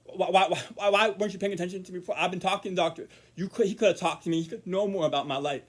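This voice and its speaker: A man vlogging in a casual monologue to camera, rambling with repeated words and restarts, murmuring quiet asides. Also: high-pitched, fairly even intonation, rapid-fire.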